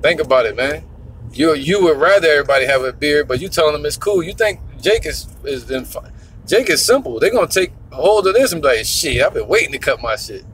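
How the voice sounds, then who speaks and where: A man's voice: a little high, lively intonation, fairly quick, a bit bright, slight background noise. A man giving a casual, profane, rambling religious talk, teaching as he drives. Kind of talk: casual preaching monologue.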